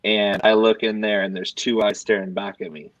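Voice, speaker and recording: A man's voice: fairly low pitch, moderate pace. A man casually telling a long, rambling story to friends, acting out the quotes. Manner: rambling, animated anecdote with acted quotes. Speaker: podcast co-host. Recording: dry, dull lo-fi sound.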